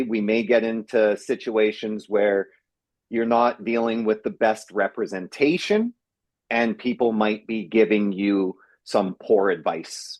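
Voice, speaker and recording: A man's voice: on the low side, no echo. A man co-hosting a real estate podcast in casual chat, stressing his points by repeating them. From Canada. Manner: emphatic, repeats himself for stress. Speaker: realtor podcast co-host.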